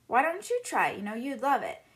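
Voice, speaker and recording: A woman voicing a bright, bookish young girl who pleads in a raised voice while retelling a storybook. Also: fairly high pitch, huge pitch swings, fairly quick. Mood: indignant.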